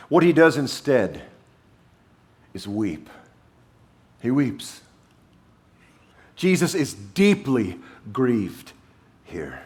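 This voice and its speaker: A male pastor delivering a sermon at an unhurried pace, his pitch rising and falling with lively swings. He leans on repetition, restating key lines for emphasis, and reads scripture in a measured way. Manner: emphatic, repeats key phrases for weight.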